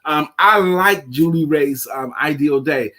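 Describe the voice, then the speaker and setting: A middle-aged man co-hosting a casual live show, telling a story with halting fillers and restarts, chuckling along. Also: on the high side, sharp tone. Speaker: co-host.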